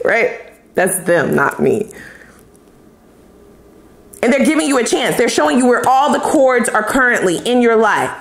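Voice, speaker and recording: A woman's voice: fairly high pitch, a little slow, vocal fry, pauses often, roomy sound. A woman giving a casual tarot reading to camera, talking bluntly in heavy slang and swearing freely. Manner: blunt, profane, slangy and animated. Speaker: tarot reader.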